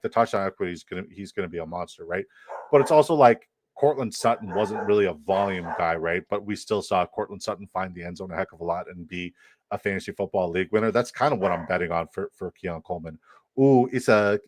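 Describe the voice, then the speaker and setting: A man's voice: low-pitched, quick pace, dry recording. A young adult man hosting a casual livestream with brash, profane, hype-man energy. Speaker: host.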